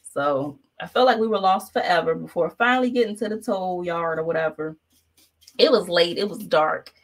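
A woman's voice: fairly low pitch, normal speed. A woman painting instructor, chatting casually and telling a story while she paints, acting out the other people's voices. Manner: chatty, animated, acts out quoted voices.

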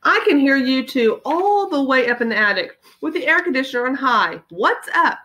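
A woman's voice: high voice, expressive, moderate pace, sharp tone, voice pushed up. A woman voicing a tired, worried mom. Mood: firm. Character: tired, busy mother, firm but worried.

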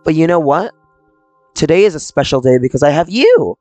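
A man reads a visual novel's troubled, mentally ill young character in a subdued, confessional way, his darkish voice on the high side and sing-song. He speaks briskly. The close-mic recording is dry, with no room sound and faint game music.

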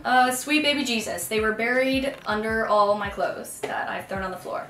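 A woman's voice: on the high side, normal speed, hardly any pauses, fairly bright tone, a little hiss or hum. A young woman chatting casually in a fashion try-on haul at home, rambling and joking at her own expense into a camera mic. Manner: rambling, giggly, self-deprecating. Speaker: fashion vlogger. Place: room at home. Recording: echoey room with faint music.

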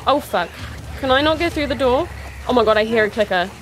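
A woman's voice: fairly high pitch, expressive, fairly quick, rough recording. A woman commentating on her own horror gameplay, panicky, swearing and exclaiming often. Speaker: gamer playing a horror game. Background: loud game music and sounds.

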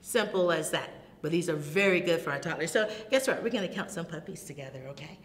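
A woman who is a children's librarian, leading a toddler storytime with rhymes and songs in a slow, animated, sing-song manner, with delighted gasps and soft whispers. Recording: long reverb, faint low rumble.

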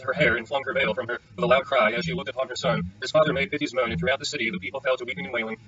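A man narrating an epic as an audiobook reader. He reads at a very fast clip, plainly and without flourish. The recording is dull and set back from the mic. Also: mid-range voice, a bit bright, recorded from a distance.

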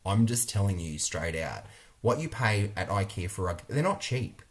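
A man's voice: lowish voice, sing-song, normal speed. A middle-aged man with an Australian accent, an interior designer giving blunt, emphatic opinions in a product review vlog. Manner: blunt, emphatic, repeats points for stress.

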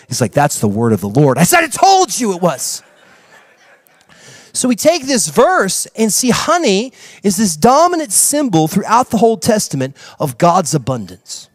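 Animated preaching man, lively high voice. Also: moderate pace, no room sound. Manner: animated storyteller acting out dialogue, rising to excited preaching. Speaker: pastor. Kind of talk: sermon storytelling. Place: church.

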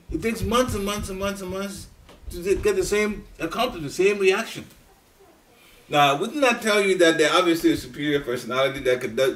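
A middle-aged man giving a devotional class talk in a storytelling way, laughing at times and jumping up in pitch. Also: fairly bright tone. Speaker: speaker at a devotional study group. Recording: voice picked up from a distance.

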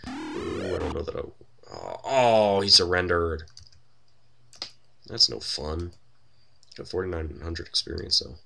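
A man's voice: low-pitched, a little slow, vocal fry, pauses often, sharp tone, soft background music. A man giving wry, casual commentary while playing a computer role-playing game, thinking aloud with many fillers. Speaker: let's play host.

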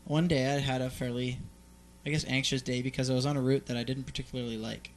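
A man's voice: medium pitch, flat delivery, fast talker, slight background noise. A man co-hosting a casual radio show, telling rambling stories and acting out the people in them. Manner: rambling storyteller, acts out characters. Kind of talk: casual studio banter.

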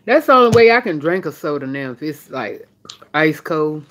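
A woman's voice: low voice, very animated, normal speed, fairly bright tone. A woman vlogging in a casual live stream while eating, chatting straight to her viewers.

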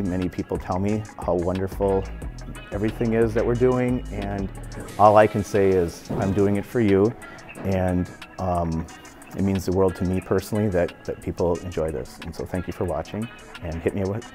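With faint music in the background, a pool instructor in his fifties speaks in a warm, low voice at a moderate pace. His billiard-club lesson is casual and heartfelt, full of repeated phrases as he shows his stroke.

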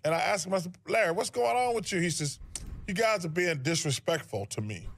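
A man's voice: high-pitched, animated, a little fast, creaky, fairly bright tone. A man, a former basketball player, telling anecdotes in an interview and laughing as he goes. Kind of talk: storytelling in a broadcast interview.

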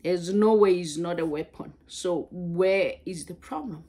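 A woman preaching a sermon, halting and repeating words as she goes. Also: fairly low pitch, mellow, husky.

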